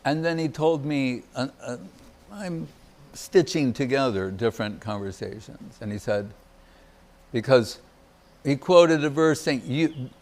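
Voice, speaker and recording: An older man gives a devotional talk, telling memories of his teacher. He pauses often and hunts for the right phrase, with a voice at an everyday middle pitch. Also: lively intonation, a little mellow. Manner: halting, searching for words, many pauses. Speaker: spiritual teacher.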